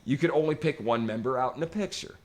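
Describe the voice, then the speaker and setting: A man's voice: mid-range voice, quick pace. A man co-hosting a podcast, ranting emphatically and swearing constantly in casual chat. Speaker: podcast co-host. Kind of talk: profane casual podcast rant.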